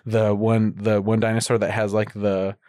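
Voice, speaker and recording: A man's voice: on the low side, flat delivery, normal speed, warm tone, dry recording, studio quality. A man co-hosting a podcast in casual chat, rambling with lots of fillers and restarts. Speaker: podcast co-host.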